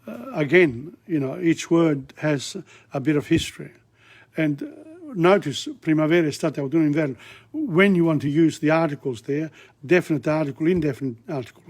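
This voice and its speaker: A middle-aged man teaching a language lesson, slowly and deliberately sounding out words syllable by syllable. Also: fairly high pitch, darkish tone. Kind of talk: slow spoken language lesson.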